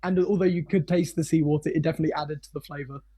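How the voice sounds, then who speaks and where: A man's voice: a little high, steady tone, very fast, crowd noise. A man narrating as game master for a tabletop game, laughing often and swearing freely.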